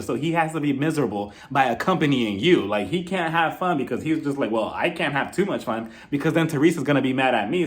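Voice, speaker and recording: A man talks through a reality TV episode in casual commentary, his pitch leaping around with lots of animation. He laughs often and slips into impressions, in a slightly high voice. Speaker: reality TV reviewer.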